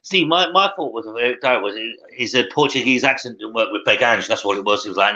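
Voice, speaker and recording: A man talking as a guest in a casual football chat, animated and blunt, swearing casually. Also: medium pitch, fairly quick. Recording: dull lo-fi video call audio.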